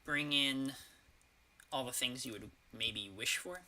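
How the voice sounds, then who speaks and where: A man's voice: mid-range voice, slow pace, sharp tone. A man casually commenting on his card game as he plays, thinking aloud with hesitations and the odd curse. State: has the hiccups.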